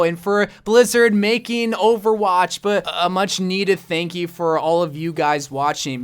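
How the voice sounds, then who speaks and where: A man's voice: high-pitched, fairly bright tone, clean tone. Earnest, self-deprecating young man. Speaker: gaming YouTuber. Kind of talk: personal storytelling vlog.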